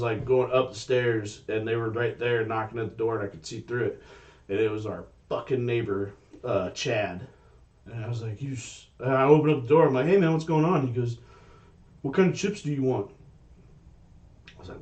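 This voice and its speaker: A man co-hosting a casual podcast, telling stories in an animated way and swearing freely. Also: mid-range voice, distant mic. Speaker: podcast co-host. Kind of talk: casual chat.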